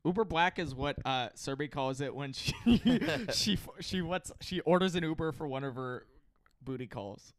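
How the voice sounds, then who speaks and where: Lively, high-voiced man joking around. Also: moderate pace, no room sound. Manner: animated, laughs often, jokey asides. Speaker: podcast co-host. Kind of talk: casual comedic chat.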